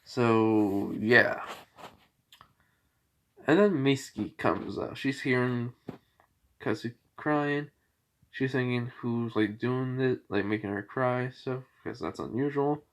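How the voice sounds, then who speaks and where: A man casually retelling a fan-fiction story in a rambling, halting way, with lots of fillers and restarts. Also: mid-range voice.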